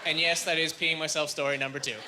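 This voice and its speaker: A man from Canada doing stand-up comedy, rambling through self-deprecating stories with quick asides, recorded live. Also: on the high side, little pitch movement, very noisy. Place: comedy stage before a live audience. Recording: live club recording with loud crowd.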